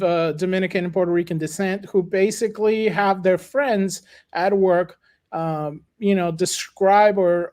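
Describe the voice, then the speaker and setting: Relaxed podcast co-host, halting. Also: mid-range voice. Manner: relaxed, hesitant with many uhs. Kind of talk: casual chat.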